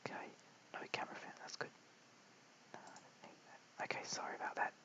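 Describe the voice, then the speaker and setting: A man's voice: brisk, rough recording. Whispering Australian man calling cricket. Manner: hushed, apologetic, chats with viewers between balls. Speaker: live stream cricket commentator. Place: at home late at night. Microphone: held very close to the mouth.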